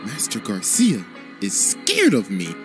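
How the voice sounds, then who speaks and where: Dude putting on a low, quiet, super formal killer maid lady, stiff and cold. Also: wildly swooping pitch, slow, faint music behind, full character voice. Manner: stiff, formal, mannered speech. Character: prim deadly woman maid, formal and cold.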